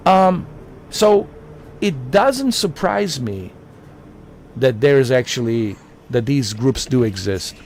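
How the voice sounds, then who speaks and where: A man talks straight to his livestream chat in a loose, rambling way. He circles back over the same points, preaching at his viewers. A faint hum of traffic sits low behind him. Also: expressive, takes it slowly, darkish tone. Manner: rambling, preachy, repeats himself. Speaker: livestream host. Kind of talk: casual livestream talk to chat.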